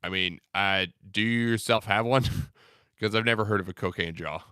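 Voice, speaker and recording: A man's voice: lowish voice, moderate pace, sharp tone, clean tone, dry recording, studio quality. A young man hosting a casual livestream, chatting in a laid-back, rambling way with lots of fillers as he answers viewers. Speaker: livestream host. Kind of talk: casual livestream chat, reading out viewer comments.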